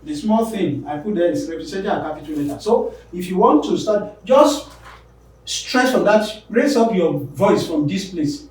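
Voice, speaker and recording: A man teaching an English pronunciation lesson, repeating example words slowly and with emphasis. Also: high-pitched, expressive, a little mellow. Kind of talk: classroom lesson on word stress. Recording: very echoey room, voice from a distance.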